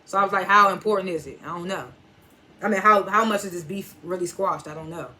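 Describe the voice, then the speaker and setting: A woman's voice: lowish voice, quick pace, pushed and bright. A woman reviewing a TV episode in a casual recap, loosely retelling scenes and swearing now and then.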